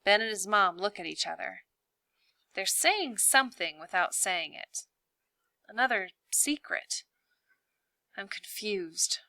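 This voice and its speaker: A woman teacher reading a novel aloud, slow and deliberate. Her tone is bright and crisp, and the recording is close and dry. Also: medium pitch, expressive, no room sound.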